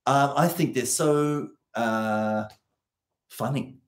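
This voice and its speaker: An Australian man talking in a relaxed conversational way. He tells anecdotes with energy and mimics the people he quotes. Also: medium pitch, drawn-out words. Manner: animated storyteller, acts out quoted voices. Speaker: co-host. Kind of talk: casual chat.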